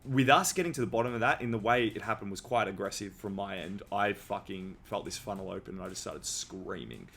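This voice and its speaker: A man's voice: on the low side, lively intonation, fairly quick, gravelly, hardly any pauses, a bit bright, a little hiss or hum. A young man who hosts a podcast. He tells a personal story in a candid, casual way and swears freely. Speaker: podcast host.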